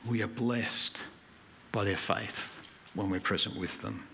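Man, pastor, earnest sermon delivery, low-pitched but bright, light hiss behind. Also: takes it slowly, vocal fry. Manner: earnest, emphatic preaching with animated anecdotes. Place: church hall.

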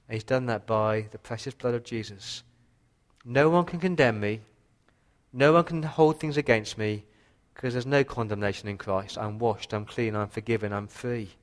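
A man preaching a sermon with passion, his voice rising for emphasis and dropping low for quiet points. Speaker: pastor.

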